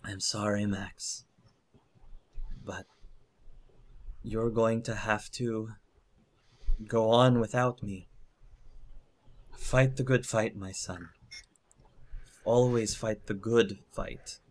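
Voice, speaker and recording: A man's voice: fairly low pitch, fairly even intonation, very slow, long pauses. A man voicing a badly wounded mother who speaks weakly and tenderly to her son.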